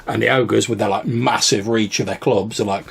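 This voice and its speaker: A man's voice: on the low side, steady tone, moderate pace, creaky, a bit bright, a little hiss or hum. A man, a podcast co-host and game master, casually retelling a tabletop game session in a rambling way full of fillers and restarts. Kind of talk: casual storytelling chat.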